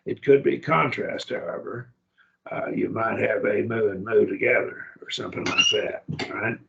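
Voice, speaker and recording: A man's voice: lowish voice, expressive, normal speed, creaky, lo-fi sound, background noise. A man teaching a Greek grammar class, explaining patiently and often checking that students follow.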